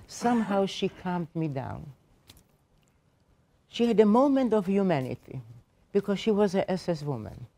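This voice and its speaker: Speaking to a room of teachers during a seminar, a Holocaust survivor in her eighties relates her own story, stressing points and showing emotion. Her pitch is fairly low and her tone warm.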